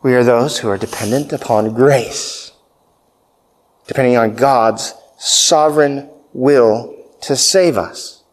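A pastor preaching a sermon, emphatic, repeating key phrases and checking in with "right?". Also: male voice, mid-range voice, takes it slowly.

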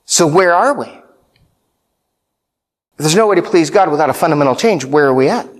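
A pastor preaching a sermon, emphatic, repeating key phrases and checking in with "right?". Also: male voice, a little high, animated, a little fast.

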